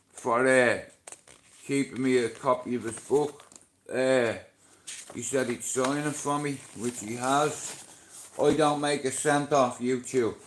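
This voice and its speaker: A man's voice: fairly high pitch, a bit bright, echoey room. A middle-aged Irish man talking casually on a live stream, blunt, boastful and full of swearing and slang.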